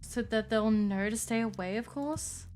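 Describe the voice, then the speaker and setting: A woman voicing a lonely ancient female vampire who speaks in a haughty, archaic, calmly menacing way. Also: a little high, unhurried, faint music behind, natural voice. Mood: defensive.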